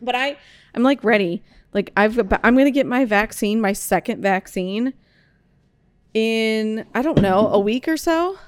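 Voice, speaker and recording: A woman's voice: on the high side, animated, clear, resonant tone. A woman co-hosting a casual chat, chatty and teasing, often trailing off mid-thought. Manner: chatty, trails off and restarts, quick to tease. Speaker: podcast co-host.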